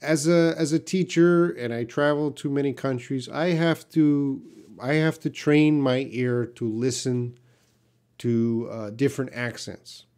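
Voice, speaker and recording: A man from Canada teaches English on a live stream, speaking at an ordinary middle pitch. He reads viewer questions aloud and answers plainly, sometimes with blunt emphasis. His voice is picked up by a computer mic. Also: steady tone, unhurried, darkish tone.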